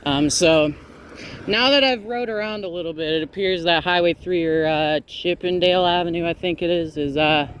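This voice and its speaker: A man's voice: sits high, normal speed, a bit bright, a little hiss or hum. A man vlogging outdoors while cycling through town, narrating casually with wry asides and plenty of "uh"s, recorded on a bike-mounted camera. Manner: rambling, wry asides, frequent "uh". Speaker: transit vlogger.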